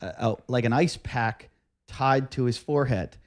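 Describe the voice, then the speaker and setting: A man's voice: medium pitch, fairly even intonation, moderate pace. A man co-hosting a podcast, telling rambling stories with fillers and restarts. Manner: rambling storyteller, quotes others. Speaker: podcast co-host. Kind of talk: casual banter.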